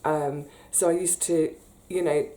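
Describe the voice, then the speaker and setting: British woman, casual vlog storyteller, mellow and lowish, animated. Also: unhurried. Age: 30s. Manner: chatty, animated, emotional when retelling.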